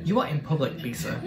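A man hosting a music reaction video, chatting casually and laughing often as he exclaims at the clips. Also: on the high side.

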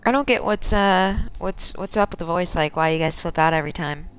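A woman's voice: fairly low pitch, brisk, smooth. A woman streaming a game, chatting casually and teasing her viewers by name. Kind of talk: casual live-stream chat answering viewers.

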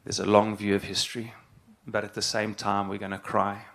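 A middle-aged man, a rabbi, giving an earnest, halting spoken address and repeating phrases for emphasis. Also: lowish voice, level tone, a bit bright.

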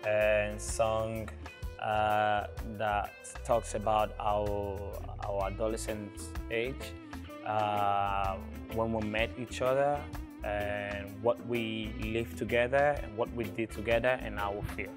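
A man, a musician guest, talking in a casual interview in halting English full of small pauses and fillers. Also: on the low side, flat delivery, music in the background.

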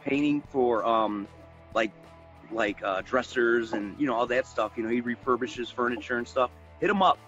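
A man's voice: medium pitch, fairly bright tone, dull audio. A man speaking on a radio roundtable, loose and rambling with lots of filler words. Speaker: panelist. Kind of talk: casual roundtable radio chat.

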